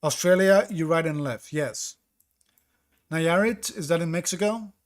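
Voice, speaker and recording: A man's voice: fairly high pitch, measured pace. A man streaming a geography guessing game, thinking aloud, second-guessing his guesses and answering his chat. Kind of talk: live-stream commentary reading chat.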